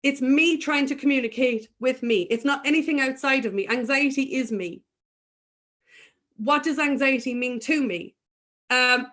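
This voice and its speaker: A woman's voice: high voice, a little slow, a bit bright. A woman guest in an earnest, emphatic spiritual conversation, speaking candidly about her own inner work.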